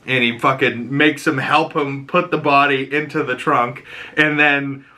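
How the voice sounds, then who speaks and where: Bright-voiced man recapping a show. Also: medium pitch, unhurried. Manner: rambling, profane, excitable. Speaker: podcast host. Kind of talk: casual episode recap and reaction.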